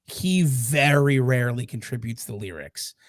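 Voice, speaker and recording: A man of ordinary pitch talks through his scores on a live podcast, pausing and restarting as he thinks. The sound is dry and close. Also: expressive, dry recording. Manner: deliberate, hesitant, restarts often. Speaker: podcast co-host. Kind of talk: casual review chat.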